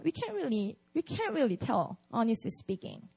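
A woman's voice: sits high, wildly swooping pitch, normal speed, vocal fry, fairly bright tone. A woman with a Korean accent preaching at a prayer meeting in a candid, conversational way, full of "like" and "you know".

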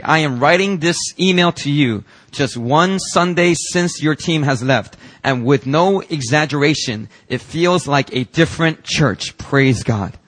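A man pastor preaching a sermon in church, telling stories and reading out emails with lively emphasis. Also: mid-range voice.

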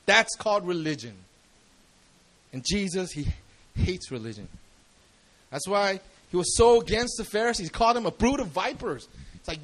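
A man's voice: sits high, animated, normal speed, pauses often, fairly bright tone, rough recording. A man preaching a sermon in a casual, slangy way, often asking the congregation questions.

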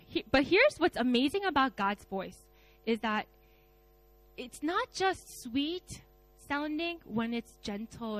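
A woman pastor preaching a conversational sermon, animated, with many fillers and laughs. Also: a little high. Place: church service.

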